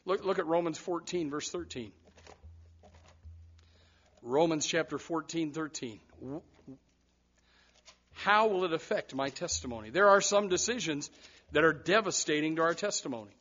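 Brief: male pastor, high voice, lively sermon delivery with loud bursts, dull lo-fi church recording. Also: moderate pace, pauses often. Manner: animated preaching with repeated words and sudden loud rises.

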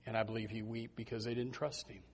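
A man's voice: lowish voice, flat delivery, fast, husky. A man preaching an impassioned, emphatic sermon as pastor.

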